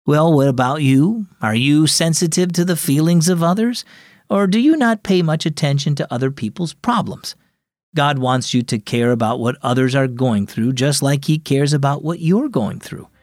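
A man's voice: fairly high pitch, normal speed, a little mellow, no echo, studio quality. A man hosting and narrating a children's devotional program with scripted storytelling in an upbeat, emphatic way. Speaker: host.

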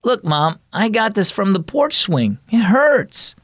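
A man's voice: sits high, sing-song, slow, fairly bright tone, no room sound, clean studio sound, pitched above the performer's own voice, full character voice. A man doing a whiny young boy. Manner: whiny, pleading. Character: young boy, sulky and defensive.

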